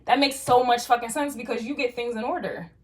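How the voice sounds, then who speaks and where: A woman's voice: a little high, fairly even intonation, a little fast. A woman giving a casual tarot reading to viewers, talking in loose streetwise slang with frequent swearing and rambling restarts. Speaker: tarot reader.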